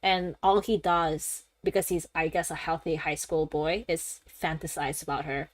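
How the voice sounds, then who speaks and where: A woman's voice: deep voice, moderate pace, dry recording. Chatty woman streamer with dry sound. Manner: rambling, animated, laughs often, swears casually. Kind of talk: casual gaming-stream chat.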